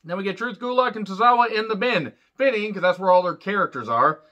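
A man's voice: high voice, fast. A man giving a casual, profane, sarcastic rant reviewing a show, rambling loosely as he talks. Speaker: wrestling reviewer. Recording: dull lo-fi sound.

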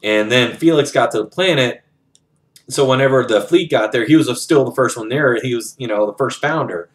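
A man's voice: mid-range voice, normal speed. A man casually retelling a novel in his own words, rambling and swearing freely as he narrates the scenes. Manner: rambling and profane, narrates scenes with frequent quoting. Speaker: book reviewer retelling a novel.

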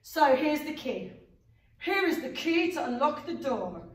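A woman's voice: high voice, big pitch swings, measured pace. A woman teaching a live tap dance class, calling out steps in a sing-song count and praising students by name. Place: dance studio. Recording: echoey room, distant mic, loud music.

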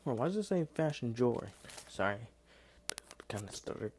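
Over background noise, a very animated man talks briskly at a medium pitch as he unboxes something in his home kitchen. Recording on a phone camera with headphones plugged in, he chats casually, rambles, mocks himself and leans on fillers and apologies.

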